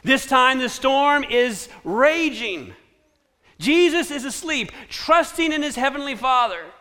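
Man, sermon, bright ringing voice, rhetorical questions, hushed repeated refrain, long hall reverb. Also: very high voice, expressive, takes it slowly. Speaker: preacher.

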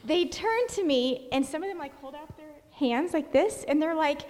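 A woman guest telling a personal story in an animated way, acting out what people said. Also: high-pitched, moderate pace, slight background noise. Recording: long hall reverb.

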